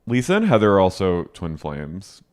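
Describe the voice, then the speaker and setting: A podcast co-host with a deep, darkish voice whose pitch swoops wildly talks at a moderate pace. He chats casually while recapping a show, leaning on frequent fillers and quoted lines.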